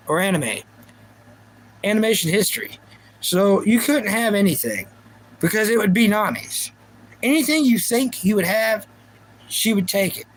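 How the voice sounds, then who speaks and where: A man's voice: high voice, low-quality recording. A young man hosting a livestream, chatting casually and playfully about anime and reacting to his viewers. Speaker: livestream host.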